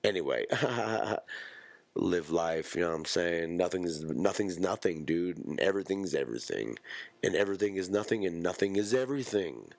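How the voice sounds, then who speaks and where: A man's voice: low-pitched, brisk, gravelly, a little mellow, no room sound. A man hosting a solo podcast, rambling in profane, slangy street talk. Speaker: podcast host. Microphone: close podcast mic.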